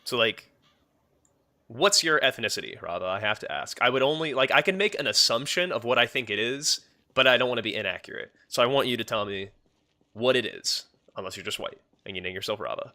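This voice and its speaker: A man's voice: medium pitch, lively intonation, brisk, pushed and bright. A young man streaming a game, chatting casually with his viewers in a rambling way. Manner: rambling, talks to chat, many fillers and restarts. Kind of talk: casual live-stream chat.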